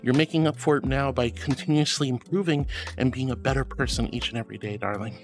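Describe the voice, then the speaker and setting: A woman's voice: rumbling low, fast, soft background music. A woman streaming as a VTuber, reading chat aloud with a playful, affectionate manner and frequent laughs. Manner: affectionate, calls viewers darling.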